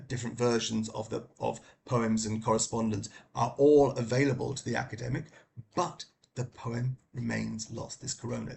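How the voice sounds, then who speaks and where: A man's voice: mid-range voice, gravelly, background noise. A middle-aged man giving a casual spoken book review, hesitant and full of fillers and restarts.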